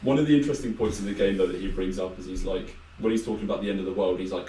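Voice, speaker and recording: A low-pitched man chats loosely through a game's plot, piling on fillers and quoting characters along the way. He sits back from the mic in an echoey room with a faint hiss behind him. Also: fast talker, mellow, distant mic. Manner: rambling, filler-heavy retelling with quoted asides. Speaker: podcast co-host. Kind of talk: casual chat, game recap.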